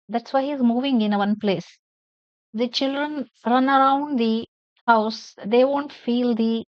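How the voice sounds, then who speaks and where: A woman's voice: fairly high pitch, darkish tone, no room sound. Woman teacher explaining a play. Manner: explains each line in simple words and spells out names. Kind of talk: classroom lesson explaining a play. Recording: dull lo-fi sound.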